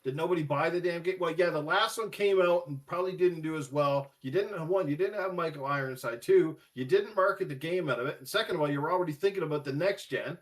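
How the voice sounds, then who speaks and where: A man's voice: on the high side, quick pace, hardly any pauses. A man co-hosting a gaming podcast, ranting in casual, profane chat and slipping into mocking voices. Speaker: podcast co-host.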